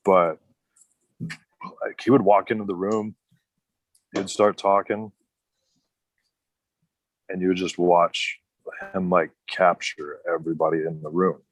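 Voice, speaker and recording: A man's voice: low voice, little pitch movement, takes it slowly, pauses often. A man, a former wrestler, telling casual stories as a podcast guest, full of "like" and restarts. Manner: rambling, heavy use of "like".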